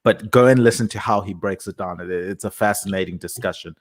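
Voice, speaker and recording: A man with a fairly low voice hosts a relaxed chat. He keeps things organized, setting up questions and directing listeners where to go next. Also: fairly quick. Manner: organized, steers the talk and promotes links. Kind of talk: casual chat.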